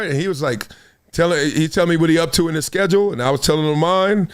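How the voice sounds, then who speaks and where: A middle-aged man hosting a talk show, telling stories with big high bursts, low asides and frequent laughter. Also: fast talker, smooth. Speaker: show host. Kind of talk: animated solo commentary.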